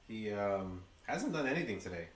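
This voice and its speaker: A man with a New York accent giving chatty, excitable fan commentary to his livestream chat. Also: fairly low pitch, moderate pace, roomy sound, distant mic, a little hiss or hum. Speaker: livestream host. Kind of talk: fan watch-along commentary.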